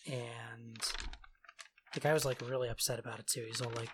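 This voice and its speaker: A podcast co-host with a mid-range male voice recaps a video game's plot in casual chat, his tone steady against a noisy background. He tells it in a sarcastic, offhand way, tossing in quick mock quotes.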